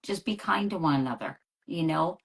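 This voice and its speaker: Low husky earnest woman. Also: lively intonation, normal speed. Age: middle-aged. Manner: earnest, repeats her points for emphasis. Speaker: interview guest. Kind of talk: casual conversational interview.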